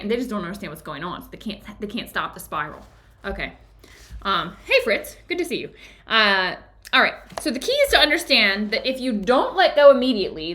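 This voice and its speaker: A woman's voice: mid-range voice, bright, forceful tone. A woman leading a live-streamed book discussion as a spiritual teacher, enthusiastic and chatty, laughing often and checking in with "right?".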